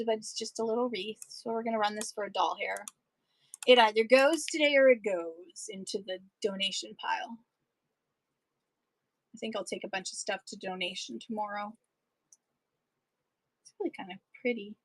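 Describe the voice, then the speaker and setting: This online seller hawks vintage goods on a live stream in casual, enthusiastic chat, rambling between pieces. Her fairly high voice moves at normal speed with frequent pauses, captured in a rough recording with no room sound.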